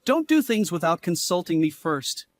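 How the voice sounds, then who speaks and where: A woman narrator voicing an angry, scheming young man who shouts and snaps defensively. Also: fairly low pitch, sing-song, normal speed, dry recording.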